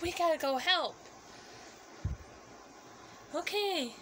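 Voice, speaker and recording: Very high, lively woman doing homemade character voices. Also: takes it slowly, heavy background noise. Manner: excitable, switching among many character voices. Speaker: fan video performer voicing every character.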